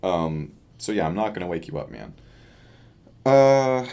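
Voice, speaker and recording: A man's voice: fairly low pitch, animated, unhurried, a little mellow, smooth. A tired young man chatting loosely in a casual video diary, with lots of fillers. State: tired from lack of sleep. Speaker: vlogger. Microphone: camera facing him.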